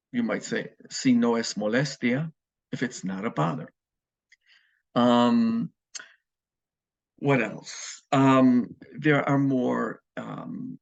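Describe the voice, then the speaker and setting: Gravelly, husky man teaching Spanish. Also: medium pitch. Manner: relaxed, explanatory, frequent ums and uhs. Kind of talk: recorded classroom lecture. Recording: muffled lo-fi recording.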